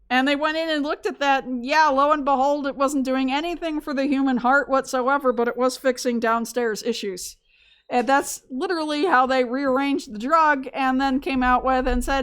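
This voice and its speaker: A woman's voice: high-pitched, fairly even intonation, normal speed, a bit bright, smooth. A woman giving a casual recorded biology lecture from home, chatty and digressive, laughing at her own stories. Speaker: biology instructor.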